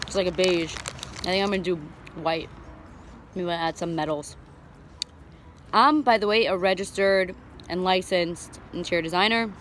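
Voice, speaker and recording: A home renovation vlogger works on a front door, fixing and painting it, while chatting upbeat to the camera in a casual DIY video. She speaks in a lowish voice at normal speed, pausing often, over a slight hiss or hum.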